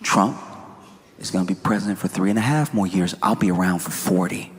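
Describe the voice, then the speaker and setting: A man doing a lower-voiced, menacing impression of a billionaire on stage. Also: expressive, moderate pace, close to an everyday voice. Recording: roomy hall with audience noise.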